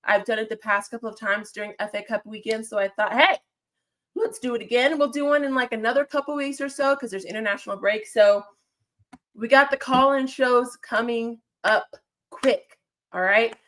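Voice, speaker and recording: A woman hosts a football call-in livestream, chatting casually in an upbeat, talkative way and repeating phrases often. Her voice is on the high side and fairly bright, at a moderate pace. A viewer remarks on her non-standard accent.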